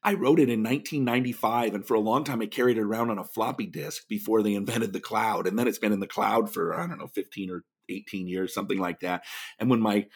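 A middle-aged man, an author and speaker, tells stories earnestly in a podcast interview, chuckling often mid-sentence. His voice is lowish and husky, and he talks at a quick pace.

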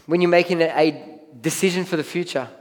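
A man's voice: fairly high pitch, brisk, long reverb tail. A man preaching as a pastor in a church, talking conversationally and acting out what people say to themselves. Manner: conversational preaching with acted-out inner voices. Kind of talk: sermon. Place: church hall.

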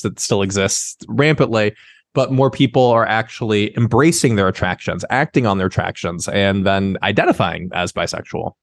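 A man's voice: medium pitch, dry recording, studio quality. A man in his thirties, a sex writer, talking candidly and with animation as a guest in a casual interview. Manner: candid, animated, mimics others in quoted asides.

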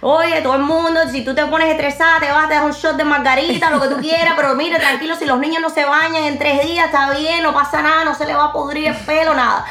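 A woman's voice: high voice, fairly even intonation, sharp tone, roomy sound, a little hiss or hum, voice pushed up. A woman voicing a brash Cuban mom who breezily gives stressed mothers advice, with a Cuban accent. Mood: breezy reassuring. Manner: rapid, emphatic, breezy reassurance.

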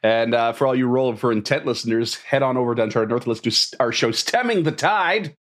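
A man's voice: mid-range voice, fairly quick, a bit bright. A man guesting on a podcast, teasing the others in casual banter. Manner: teasing, laughing.

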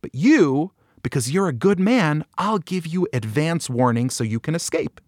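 Guy hosting a podcast, telling a story all animated, voice jumps around a lot, super dry sound. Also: fairly high pitch, normal speed, no room sound. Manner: animated storyteller, acts out quoted lines. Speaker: podcast host. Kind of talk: storytelling talk on a Bible passage.

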